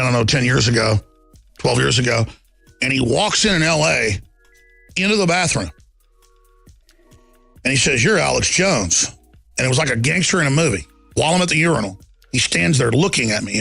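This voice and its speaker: A middle-aged talk show host gives an impassioned monologue, swinging emphatically from quiet storytelling to loud defiance. He acts out the people in his stories, in a medium-pitched, gravelly, slightly rough voice.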